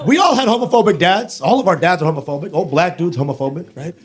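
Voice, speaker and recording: Man, stand-up comic, brash, crude, high and animated. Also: fast. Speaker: stand-up comedian. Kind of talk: stand-up comedy.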